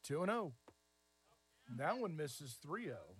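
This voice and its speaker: A middle-aged man doing baseball play-by-play commentary, easygoing and chatty between pitches, lifting into lively excited calls on big plays. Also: slow. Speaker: play-by-play announcer.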